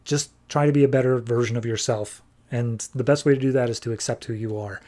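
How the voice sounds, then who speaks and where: A man voicing a blunt, upbeat superheroine in a casual, lifted-pitch paraphrase. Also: steady tone, brisk, warm tone, close to an everyday voice. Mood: earnest.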